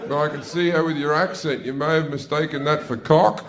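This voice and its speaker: A man's voice: fairly high pitch, steady tone, fairly quick, a loud crowd, heavy background noise. A man with an Australian accent doing profane stand-up comedy on a club stage, telling a brash story to a laughing audience.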